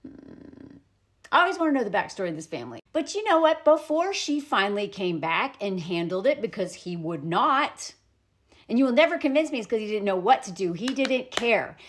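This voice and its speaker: A woman vlogging to camera, telling a story with animated, indignant commentary. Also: medium pitch, brisk. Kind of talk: opinionated commentary vlog. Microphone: self-recorded to camera.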